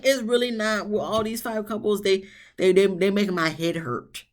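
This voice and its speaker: A reviewer recapping a reality show episode in a blunt, sassy, casual way, swearing freely and jumping into high, exasperated tones. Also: fairly even intonation, moderate pace. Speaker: TV show reviewer, channel host.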